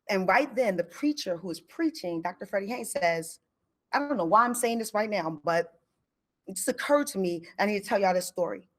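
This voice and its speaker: Woman telling a personal story, lively. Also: medium pitch, moderate pace. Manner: lively and conversational, acting out quoted lines.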